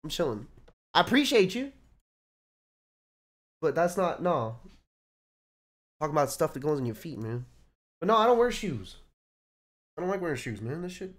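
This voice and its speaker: A man from Texas with a Texas accent, chatting casually with friends on a stream, animated and swearing freely with a Southern drawl. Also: a little high, normal speed, pauses often.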